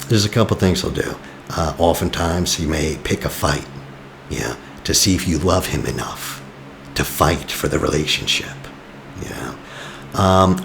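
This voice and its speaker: Very deep, gravelly-voiced male coach. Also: fairly bright tone, a little hiss or hum. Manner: conversational, often adds "you know"; blunt and teasing. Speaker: attachment coach. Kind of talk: casual advice talk.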